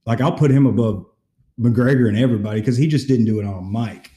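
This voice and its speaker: A podcast co-host speaks at medium pitch and a quick pace, his voice reverberant. On a casual sports podcast he retells stories with animation, acting out the quotes.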